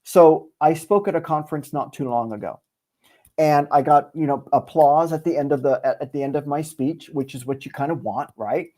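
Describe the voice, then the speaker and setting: A man tells a story in a conversational interview, his voice sitting a little high. He brings it to life by acting out the lines of the people in it. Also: normal speed. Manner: animated storyteller, acts out quoted dialogue. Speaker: guest speaker and author. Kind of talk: conversational storytelling on a video call.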